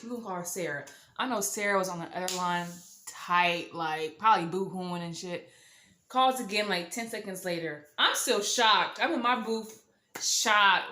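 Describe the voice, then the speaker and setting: A woman's voice: fairly low pitch, normal speed, bright, forceful tone. Young woman, sassy storytime vlogger with dramatic asides; roomy, echoey sound. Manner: sassy, dramatic, slangy, mock-shocked asides. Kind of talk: animated storytime monologue.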